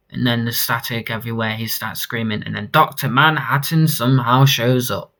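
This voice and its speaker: A man's voice: mid-range voice, fairly even intonation, moderate pace, few pauses, bright, forceful tone. A man reading a comic book aloud, chatting and reacting with casual asides and swearing. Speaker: comic reader. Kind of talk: casual comic read-through with commentary.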